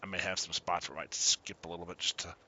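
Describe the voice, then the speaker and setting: A man giving casual commentary while streaming a farming game, chatty and quick to laugh as he greets his viewers. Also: sits low, fairly even intonation, bright, forceful tone, a little hiss or hum. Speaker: gaming streamer.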